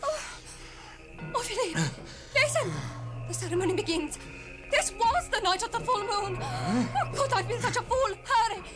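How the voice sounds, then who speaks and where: An actress playing a brave young woman guiding her companion in a radio drama, speaking urgently and in hushed tones. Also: extremely high pitch, lively intonation, normal speed, long pauses. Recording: distant mic with music under.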